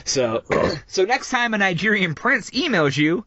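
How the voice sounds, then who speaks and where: A man's voice: high-pitched, very animated, measured pace, bright, forceful tone, no echo, highs cut off. A man hosting a podcast in casual chat, rambling and profane, full of fillers like "like" and "dude". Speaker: podcast host.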